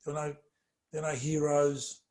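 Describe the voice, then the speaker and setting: Animated man telling stories. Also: fairly high pitch, normal speed, crowd noise. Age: middle-aged. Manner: animated storyteller, many fillers, trails off quietly. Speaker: former footballer, interview guest. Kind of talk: casual interview chat.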